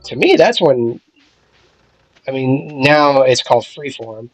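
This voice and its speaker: A man co-hosting a gaming video, chatting casually and telling stories with lively acted-out quotes. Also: mid-range voice, slow pace, no room sound, soft background music, low-quality recording. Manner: lively storyteller, acts out quotes. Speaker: gaming channel co-host. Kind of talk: casual chat while playing a game.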